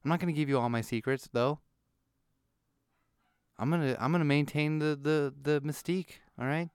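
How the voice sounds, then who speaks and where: A man on a comic rant with a very crisp, clean voice, recorded close and dry. He swears freely and keeps working himself up into mock outrage. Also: a little high, steady tone, normal speed, darkish tone, no echo. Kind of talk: ranting monologue.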